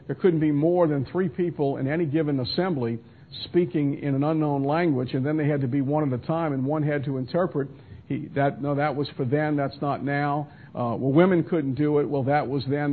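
A man's voice: a little high, slightly rough. A man teaching verse by verse through a Bible passage in a conversational manner with frequent restarts and asides, heard as a radio broadcast. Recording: tinny phone-line radio broadcast.

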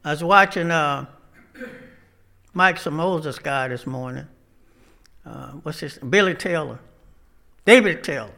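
A man preaching, his voice pitched high and bright. He drifts from folksy jokes into sermon talk with loose, casual grammar. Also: measured pace, creaky, long pauses.

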